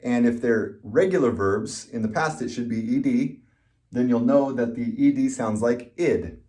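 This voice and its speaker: Man, English teacher, slow careful delivery, repeats each word, middle pitch. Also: mellow. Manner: slow and patient, repeating words and spelling out letters. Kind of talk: slow, deliberate pronunciation lesson.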